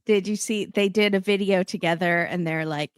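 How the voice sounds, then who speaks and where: A woman guest in a casual chat, quick to agree and making wry remarks. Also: mid-range voice, steady tone, clean tone, no room sound, studio quality. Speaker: podcast guest.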